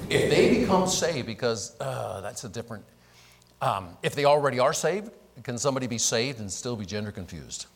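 A man's voice: mid-range voice, big pitch swings, moderate pace, vocal fry, a little hiss or hum, poor audio. A man teaching a Bible class as pastor, asking the class rhetorical questions and answering them himself.

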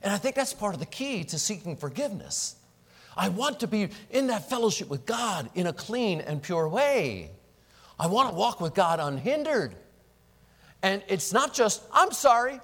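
A man preaching a sermon as pastor, animated and acting out the prayers and apologies he quotes. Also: high-pitched, moderate pace, breathy edge. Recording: long reverb of a large hall.

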